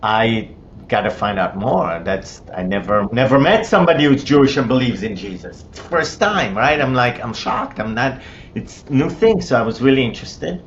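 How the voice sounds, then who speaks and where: As an interview guest, a middle-aged man from Israel shares his personal story in an expressive voice at a moderate pace. Hebrew is his first language and his accent is Israeli; his telling is conversational, full of restarts and fillers. The audio is a bit dull with a faint rumble underneath.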